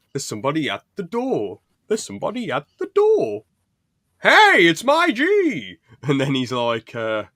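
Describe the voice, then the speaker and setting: A young man hosting a podcast in casual chat, animated and blunt, laughing often. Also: on the low side, clear, resonant tone, no echo, clean studio sound. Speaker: podcast host.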